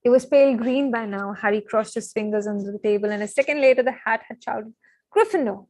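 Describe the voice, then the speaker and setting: A young woman reading a novel aloud on a live stream. She is excitable and chatty, breaking off often with fillers and apologies. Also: fairly high pitch, fast talker, no room sound, poor audio. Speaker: live-stream book reader.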